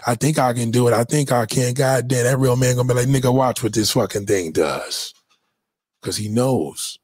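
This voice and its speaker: A man with a husky voice holds forth on his livestream, emphatic and preachy, swearing freely. The sound is close and dry, with no room around it. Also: medium pitch, a little mellow, dry recording. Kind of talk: casual livestream monologue.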